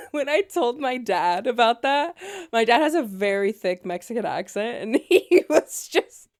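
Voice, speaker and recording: A woman in her thirties, a podcast co-host, telling animated stories in casual chat and laughing often. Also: fairly high pitch, measured pace.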